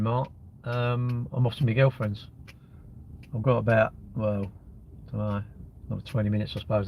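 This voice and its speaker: A man's voice: mid-range voice, lo-fi sound, slight background noise. Blunt man on a live stream. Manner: blunt, mocking, reads chat aloud. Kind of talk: casual live-stream chat.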